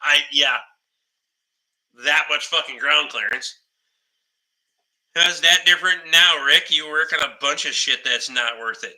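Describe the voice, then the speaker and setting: A man's voice: on the high side, unhurried, long pauses, pushed and bright, rough recording. A man telling rambling shop stories in casual podcast chat, swearing constantly and laughing as he goes. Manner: laughs through his stories. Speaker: podcast host.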